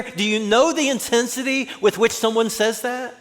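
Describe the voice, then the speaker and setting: A man's voice: extremely high pitch, unhurried, hardly any pauses, a bit bright, in a large hall. A man preaching a conversational sermon as a pastor, acting out the voices he quotes.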